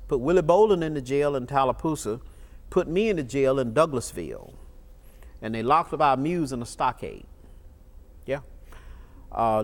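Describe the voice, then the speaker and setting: A man, recounting events in an oral history interview, emphatic and fond of repeating key phrases. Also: mid-range voice. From Georgia, USA. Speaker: interviewee, state legislator.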